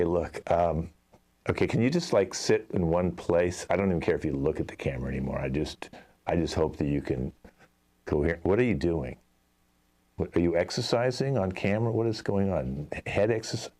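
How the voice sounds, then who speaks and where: A man with a very low voice plays an exasperated commercial director in an improv scene. He rambles through his notes with lots of fillers and sighing asides. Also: brisk, mellow. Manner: exasperated, talky, many fillers. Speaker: improv show host, playing a commercial director.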